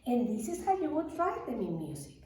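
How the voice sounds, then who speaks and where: A woman music teacher leads young children through rhythm in a slow, sing-song lesson, her high voice swooping lively up and down with encouraging call-and-response. The mic sits far from her in a very echoey room, and there's slight background noise.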